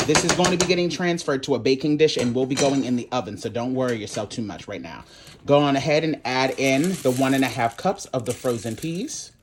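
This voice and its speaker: There's a slight hiss or hum as a mid-range male voice leads a casual recipe walkthrough for his home cooking channel. Chatty and a bit sassy, he addresses viewers as "y'all" and "honey."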